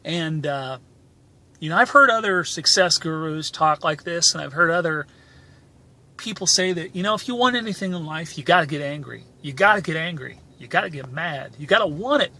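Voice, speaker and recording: A man hosting a motivational channel, telling a personal story emphatically while touring a neighborhood outdoors on a handheld camera, with rambling "and, uh" pauses. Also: fairly high pitch, animated, bright, forceful tone. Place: outdoors, moving through a residential neighborhood. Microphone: handheld camera filming as he goes.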